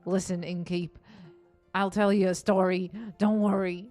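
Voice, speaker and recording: A woman voicing a boisterous old southern woman patron in a tavern game, in a put-on Southern US accent, loud and theatrical. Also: fairly low pitch, level tone, unhurried, faint music behind, close to an everyday voice. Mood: urgent.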